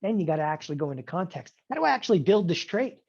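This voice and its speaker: Emphatic male trading instructor, animated seminar pitch, muffled webinar audio. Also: very fast, gravelly, breathy edge. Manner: emphatic, animated, keeps asking "okay?". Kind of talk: online seminar sales pitch.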